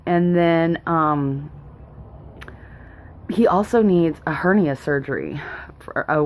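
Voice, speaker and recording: A young woman, a mother vlogging at home, rambling nervously and laughing often. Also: low voice. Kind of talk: casual rambling chat. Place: home, indoors.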